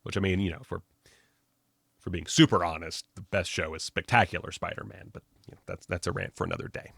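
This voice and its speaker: A man hosting a casual pop-culture video, talking in a chatty, joking, excitable way. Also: low-pitched, brisk, creaky, slightly rough, dry recording, clean studio sound. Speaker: film video host.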